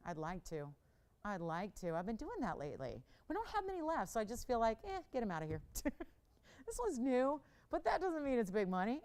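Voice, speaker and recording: A woman hosting a live shopping channel, chatting upbeat through a jewelry sales pitch and talking to operators and callers from a studio lapel mic. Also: clear, resonant tone. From Los Angeles. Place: television studio.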